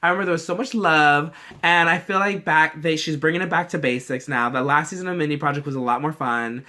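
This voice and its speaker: A man's voice: a little high, fast, pushed and bright. A young man chatting casually in a vlog, gushing and swearing freely as he acts out quoted lines. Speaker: vlogger reacting to a movie trailer. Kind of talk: casual chat.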